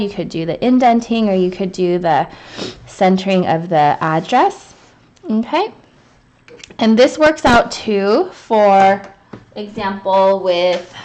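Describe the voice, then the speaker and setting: A woman's voice: mid-range voice, a little mellow. A woman teaching calligraphy in a live online lesson, chatty and thinking aloud as she writes, with many fillers and restarts. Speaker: calligraphy instructor. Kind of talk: live online lesson, demonstrating while writing.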